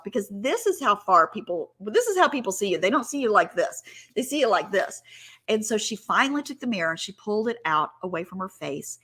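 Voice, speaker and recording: A middle-aged woman speaks with a bright, ringing voice as she shares a personal story from her working life. She talks in an earnest, heartfelt, chatty way, with fillers and restarts, and sometimes gets choked up. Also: medium pitch. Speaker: sales director giving a talk.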